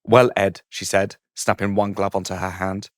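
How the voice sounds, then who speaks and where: A man's voice: sits low, completely flat delivery, normal speed, dry recording, clean studio sound. A man, a comedian, reading out his saucy comic story with a playful manner, often laughing at his own jokes.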